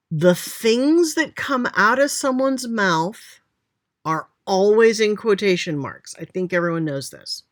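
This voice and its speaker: A woman's voice: mid-range voice, fairly bright tone, no room sound, clean studio sound. A woman explaining a grammar lesson as a writing teacher, chatty and thinking aloud while pointing at examples.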